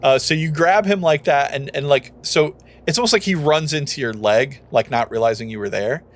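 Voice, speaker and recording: A young man running a tabletop game as game master, narrating casually with laughs and acting out quick lines for the characters. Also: mid-range voice.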